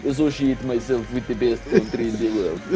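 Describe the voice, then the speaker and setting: A man's voice: mid-range voice, a little fast, loud music behind the voice. A man from South Africa talking in a put-on American accent as a band guest on a video call, rambling with many fillers. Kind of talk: casual interview chat.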